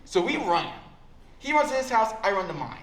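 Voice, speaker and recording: A young man telling a crude, deadpan comic story at a college open mic. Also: sits high, brisk. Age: young adult. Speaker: stand-up comedian. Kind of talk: stand-up comedy storytelling. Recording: roomy hall with faint background noise.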